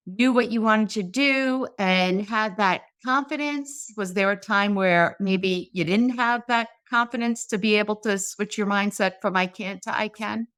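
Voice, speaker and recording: A woman's voice: mid-range voice, a bit bright, clean tone, no echo, clean studio sound. A woman hosting a podcast interview, asking reflective questions in an encouraging, conversational way. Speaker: podcast host.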